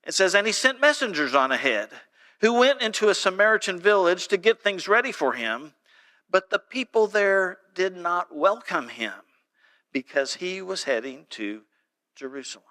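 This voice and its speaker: A man preaching a sermon in a church, telling stories and reading scripture aloud with animated delivery. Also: sits high, normal speed. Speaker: pastor. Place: church sanctuary.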